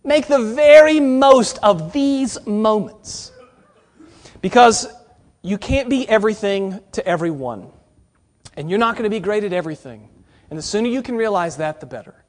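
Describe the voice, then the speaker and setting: A man preaching to Bible college students, conversational and earnest, with a delivery that moves between emphatic and hushed. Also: high voice, expressive, normal speed. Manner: direct address to students. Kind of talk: sermon.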